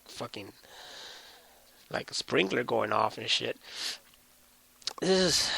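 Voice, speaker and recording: A young man hosting his own podcast, telling a story as a profane, animated solo rant. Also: mid-range voice, vocal fry, no echo. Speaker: podcast host.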